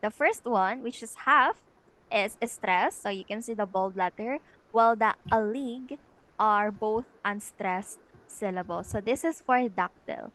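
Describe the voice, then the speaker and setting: A woman's voice: mid-range voice, unhurried, a bit bright, low-quality recording. A young woman presenting a classroom lecture, explaining step by step and repeating her points. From Philippines. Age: young adult. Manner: explains step by step, repeats points, stresses words she reads. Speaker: student presenter.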